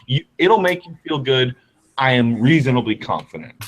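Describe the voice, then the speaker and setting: Guy hosting a chill chat, talks candid and rambly, mid-pitched. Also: lively intonation, normal speed, a little hiss or hum, low-quality recording. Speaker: host. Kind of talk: casual chat.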